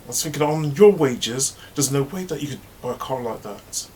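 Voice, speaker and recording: A man voicing a nosy, fake-sweet woman who gossips at the office, in a high sugary falsetto. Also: lively intonation, normal speed, darkish tone, a little hiss or hum, close to an everyday voice. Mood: fake-sweet, prying. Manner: high sugary falsetto, drops to a whisper when bitching.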